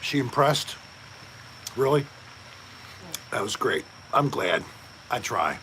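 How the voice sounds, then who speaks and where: A man hosting a casual live stream, chatting slowly and joking while reading out viewer comments. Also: mid-range voice, very animated, sharp tone, a little hiss or hum. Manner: slow, joking, reads chat aloud. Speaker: livestream host.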